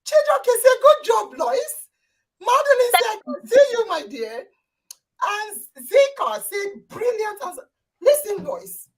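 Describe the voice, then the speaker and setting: A very high-pitched woman hosts a live online talk show over a video call. Her voice leaps up and down as she exclaims, cheers and praises her listeners loudly. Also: very animated, takes it slowly. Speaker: podcast host.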